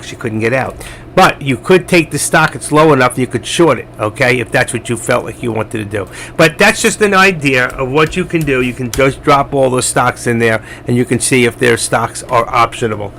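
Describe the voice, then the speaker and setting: Gravelly man rambling through live trades. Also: mid-range voice, normal speed, a bit bright, slight background noise. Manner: chatty, rambling, addresses chat viewers directly. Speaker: trading live stream host. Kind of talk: casual live trading commentary.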